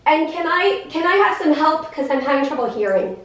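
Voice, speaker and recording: High, lively woman teaching kids in an echoey room. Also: a little fast. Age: 30s. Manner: animated, sing-song teacherly talk with many questions to the kids. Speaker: guest speaker in a special education class. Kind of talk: explaining to children. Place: classroom. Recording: echoey classroom, voice from far off.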